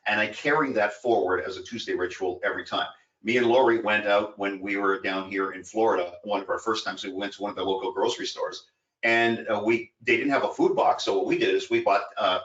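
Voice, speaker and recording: A man's voice: on the low side, fairly bright tone. A man co-hosting a casual talk, telling stories earnestly and rambling a bit with fillers. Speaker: co-host. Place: home in Florida. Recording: echoey distant lo-fi recording.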